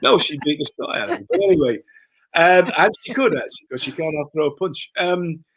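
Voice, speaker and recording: A man's voice: on the high side, animated, fairly quick, a bit bright, breathy edge. A man, a guest author in a casual conversation, who tells stories animatedly and acts out the dialogue. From Yorkshire, England.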